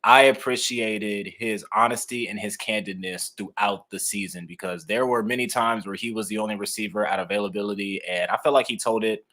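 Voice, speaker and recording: A young man co-hosting a sports podcast in a laid-back, measured way, with frequent ums. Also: lowish voice, steady tone, bright, forceful tone. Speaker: sports reporter, podcast co-host. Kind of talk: casual sports podcast chat.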